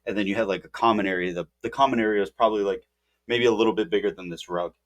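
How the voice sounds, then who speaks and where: A man's voice: fairly low pitch, steady tone, rapid-fire. A man co-hosting a podcast, telling a rambling story in casual chat with lots of "like" and restarts. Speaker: podcast co-host.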